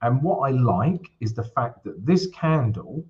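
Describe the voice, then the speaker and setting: An unhurried man with a sing-song, mid-range voice and dull audio leads a live trading stream. Casual and upbeat, he talks viewers through the charts, greets them, and keeps asking "right?".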